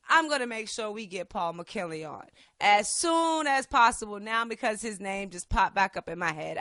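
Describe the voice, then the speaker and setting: Bright, impassioned woman podcast host. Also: medium pitch, no echo. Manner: impassioned and profane, swinging between quiet and loud. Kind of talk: casual political chat.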